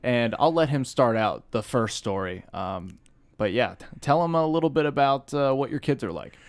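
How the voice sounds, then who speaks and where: A man hosting a podcast, introducing his guest in an easygoing, relaxed way with a few fillers. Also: mid-range voice, moderate pace, smooth, no echo. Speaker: podcast host. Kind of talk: casual interview intro.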